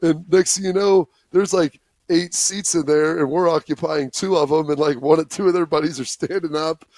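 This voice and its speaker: Gravelly guy in his 40s telling old stories on a talk show, slightly high voice, dry sound. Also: normal speed, dry recording. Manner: storytelling, animated, slips into quoted voices. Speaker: former football player, guest. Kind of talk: emotional remembrance on a talk show.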